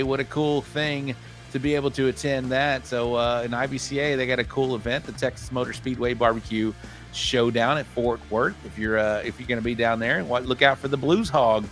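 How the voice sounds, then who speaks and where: Gravelly man hosting a live show. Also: mid-range voice, fairly bright tone. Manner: rambling, self-correcting announcer. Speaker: podcast host. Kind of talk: live show segment reading event listings.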